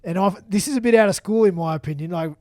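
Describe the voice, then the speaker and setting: A man's voice: high-pitched, fast talker, a little mellow, no echo, studio quality. A man with an Australian accent, a podcast guest in casual chat, eager and tripping over his words. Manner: eager, stumbling restarts.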